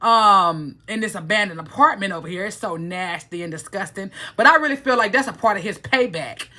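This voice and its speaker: A woman's voice: mid-range voice, lively intonation, brisk, bright, forceful tone. A woman telling a personal story to the camera in a rambling, profane, heated way. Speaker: vlogger. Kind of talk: casual storytelling vlog.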